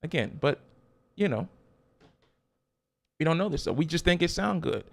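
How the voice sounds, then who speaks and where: A male pastor delivers a sermon in a somewhat high voice. He presses his points with rhetorical questions and repeated phrases. His delivery is emphatic throughout. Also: very animated, normal speed, vocal fry.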